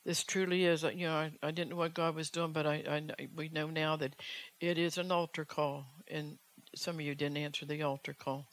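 A woman's voice: low voice, flat delivery, brisk. Urgent woman evangelist preaching. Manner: urgent, fervent, many rhetorical questions. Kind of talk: sermon.

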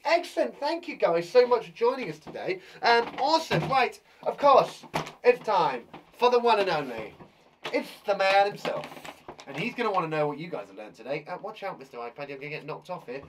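A young man teaching a live online lesson for kids. His voice swoops high and low with bouncy, playful energy, and he banters with a puppet sidekick. A faint hum of noise sits behind him. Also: lively intonation, brisk. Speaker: primary school teacher and host.

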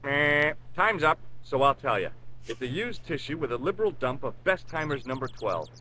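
A wry, sarcastic young detective. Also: male voice, medium pitch, very animated, normal speed, bright, forceful tone, a little hiss or hum, low-quality recording. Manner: dry, sarcastic quips. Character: wry American male tourist sleuth, persistent.

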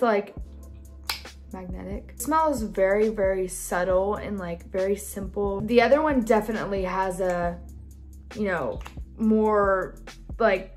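A young woman chatting casually in a vlog, bubbly and full of fillers like "like" and "um". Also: mid-range voice. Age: young adult. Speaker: vlogger.

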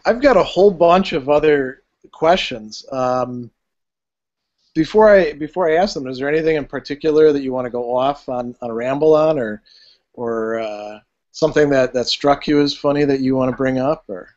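A man's voice: mid-range voice, moderate pace, darkish tone. Hesitant male interviewer, muffled sound. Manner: thoughtful, hesitant, many fillers. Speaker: philosophy show host, interviewer. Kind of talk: casual interview.

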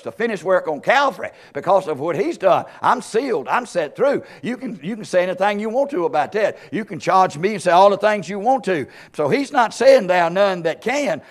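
A male pastor preaching a sermon emphatically, building with rhetorical questions and sudden bursts of volume. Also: high-pitched.

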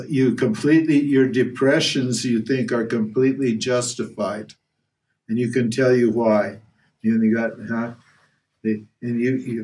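A man's voice: mid-range voice, a little mellow, recorded from a distance. A man giving a spiritual lecture as a Vedanta teacher, blunt and earthy, firing rhetorical questions and restarting his sentences.

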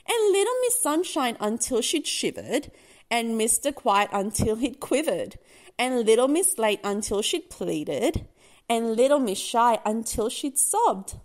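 A woman narrating a children's picture book aloud in an expressive, sing-song storytelling manner. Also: fairly high pitch, measured pace. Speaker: storybook reader.

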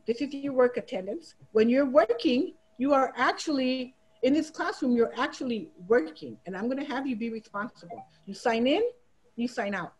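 A woman's voice: sits high, poor audio. A middle-aged woman teacher giving a training talk, telling classroom stories and acting out her students' voices. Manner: animated, acts out students' voices in quotes. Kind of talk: storytelling presentation.

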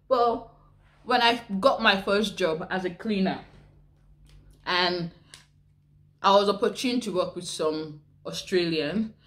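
A woman with a Nigerian accent chatting to camera as a vlogger, full of rhetorical questions. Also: medium pitch. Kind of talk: casual chat to camera.

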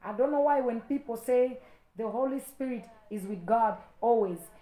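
Woman preacher, higher-pitched, repetitive exhortation and firm warnings; echoey room. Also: normal speed. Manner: exhorting, repetitive, rising to stern loud warnings. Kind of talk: impassioned online sermon.

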